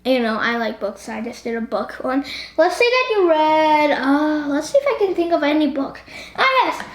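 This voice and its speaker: A woman's voice: high voice, slight background noise. A woman hosting a casual book discussion, chatty and rambling as she fires questions at her viewers. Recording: roomy echo.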